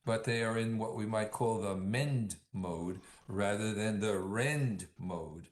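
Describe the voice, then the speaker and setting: A man calmly explains a science idea in an interview, building up to it step by step with everyday comparisons. His voice is fairly low, and it rings in a roomy, echoey space. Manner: measured, uses everyday analogies, slows on key points.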